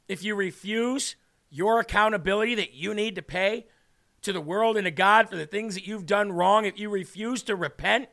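High, bright-voiced Midwestern man teaching scripture. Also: normal speed, gravelly. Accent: Midwestern American. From Illinois. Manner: earnest, conversational, reads scripture then explains it. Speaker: host of a faith show. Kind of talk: Bible teaching with casual commentary.

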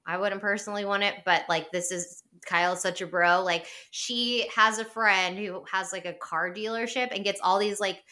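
A woman's voice: mid-range voice, steady tone, normal speed, hardly any pauses, bright, forceful tone. A woman co-hosting a podcast, recapping a reality show in rambling casual chat full of "like". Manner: rambling, filler-heavy storytelling with lots of "like". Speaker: podcast co-host.

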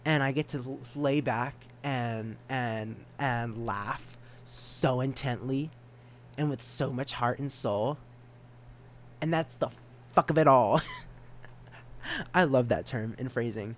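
A man's voice: slow, long pauses, slight background noise. A man in his twenties hosting a solo podcast, rambling in a self-mocking way and often stumbling over and repeating words. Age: 20s. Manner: animated jumps in pitch and volume. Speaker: podcast host.

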